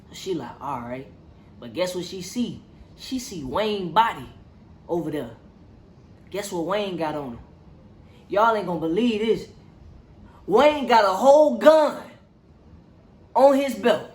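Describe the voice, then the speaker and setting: Reviewer with a mid-pitched voice, slangy and animated plot recap, roomy echo. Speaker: movie reviewer.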